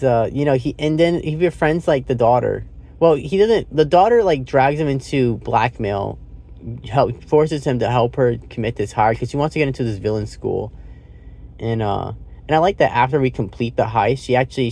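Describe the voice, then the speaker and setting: A man's voice: medium pitch, creaky, dark tone. Rambling, casually swearing man reviewing a film. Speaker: movie reviewer.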